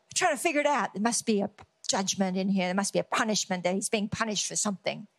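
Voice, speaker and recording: A woman's voice: mid-range voice, fast talker, no echo. A woman giving a devotional Bible teaching, earnest and emphatic, often repeating key words. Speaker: preacher.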